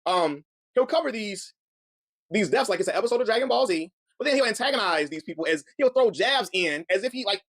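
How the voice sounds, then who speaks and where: Fast-talking man, heated commentary. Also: high voice, animated, a bit bright, no echo. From Chicago. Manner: heated, earnest, repeats words as he builds a point. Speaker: commentary channel host. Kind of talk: reaction commentary.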